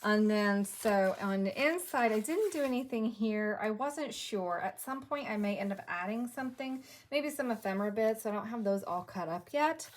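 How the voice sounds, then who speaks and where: A woman's voice: mid-range voice, expressive, moderate pace, hardly any pauses. A woman crafting at home, chatting casually and thinking aloud as she stamps, sounding a bit winded. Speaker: craft video creator.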